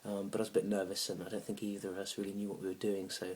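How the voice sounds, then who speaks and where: A young man telling a comic story about a bad date, awkward and rambling, now and then bursting into loud indignant rants. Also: low-pitched, little pitch movement, racing. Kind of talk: deadpan comic monologue.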